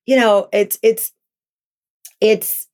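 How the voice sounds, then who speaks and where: A woman in her fifties talks candidly as an interview guest. She tells stories with animation and jumps into a raised voice when she acts out past exchanges. Her pitch sits in the middle for a woman. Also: little pitch movement, very slow, a little mellow. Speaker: talk show host, guest.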